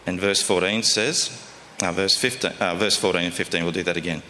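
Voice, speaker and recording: A man's voice: low-pitched, steady tone, fairly quick, pushed and bright, long reverb tail, slight background noise. A man preaching a sermon in a conversational, folksy way, often asking his listeners questions.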